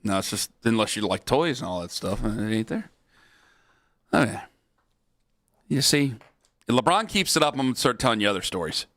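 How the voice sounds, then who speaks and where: Bright-voiced man telling a lively story. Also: lowish voice, moderate pace, long pauses. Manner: animated storyteller, acts out other people's lines. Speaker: radio sports talk host. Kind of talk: storytelling on sports talk radio.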